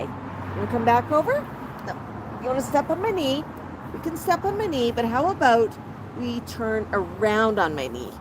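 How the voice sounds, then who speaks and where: A woman hosting a casual livestream with her pet bird, cooing baby talk to it and chatting with viewers. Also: a little high. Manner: coos baby talk to the bird and reads out chat comments. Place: outdoor patio. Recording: outdoor traffic noise. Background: passing cars.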